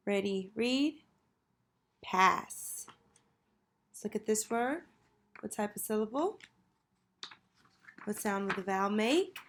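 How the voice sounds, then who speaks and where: Slow, patient woman teaching phonics. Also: medium pitch. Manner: slow, patient, call-and-response prompting. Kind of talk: phonics lesson for children.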